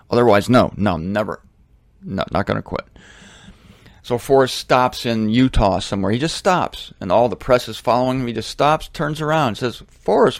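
A man hosting a religious talk series, speaking in a rambling, animated, self-deprecating monologue from his home studio into a microphone. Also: medium pitch, dry recording. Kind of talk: casual monologue.

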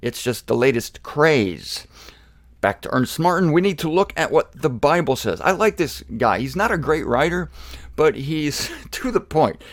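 A man's voice: a little high, no echo, clean studio sound. A man giving a casual Bible lecture, reading quotes and breaking off for joking, self-deprecating asides. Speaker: Bible teacher.

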